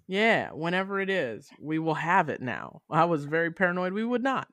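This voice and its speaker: A woman's voice: lowish voice, big pitch swings, normal speed, a bit bright, dry recording. Blunt, swearing woman podcast host. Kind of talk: casual group chat.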